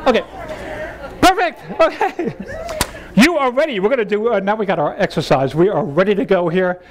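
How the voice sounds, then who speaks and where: A man's voice: high voice, lively intonation, moderate pace, crowd noise. A man leading a humorous seminar workshop, playful and laughing as he coaxes the audience through exercises. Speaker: seminar leader.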